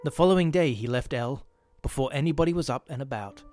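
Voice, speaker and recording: A man narrating a ghost story in a measured, steady reading. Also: mid-range voice, soft background music.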